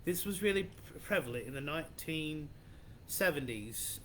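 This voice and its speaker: A man's voice: a little high, lively intonation, normal speed, a bit bright, a little hiss or hum. Rambling man telling a spooky legend. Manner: rambling, loose, many restarts and "like". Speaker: podcast host. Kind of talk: casual storytelling of legends.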